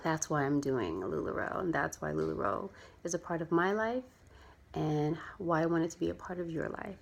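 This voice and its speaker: A woman's voice: sits low, expressive, moderate pace, creaky. A chatty, earnest young adult woman talking casually in a heartfelt vlog, rambling a little as she explains why she sells clothing. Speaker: vlogger and clothing seller.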